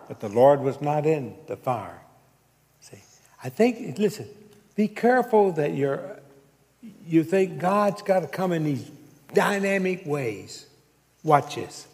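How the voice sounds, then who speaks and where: A man's voice: on the high side, lively intonation, slow, a little mellow, big-room sound. A man preaching a sermon, telling a story and checking in with his congregation as he goes. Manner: preaching with call-outs to the congregation. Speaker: pastor.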